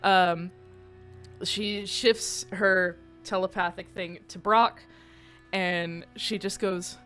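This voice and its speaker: A woman playing a tabletop role-playing game, casually describing her character's actions and speaking her lines quietly. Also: mid-range voice, fairly even intonation, slow, soft background music. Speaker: player.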